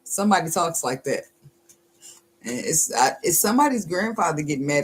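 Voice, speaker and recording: A woman's voice: deep voice, a little hiss or hum. A woman giving a casual, channeled tarot reading. She is blunt and profane, talks with lots of energy and laughs often. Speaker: tarot reader.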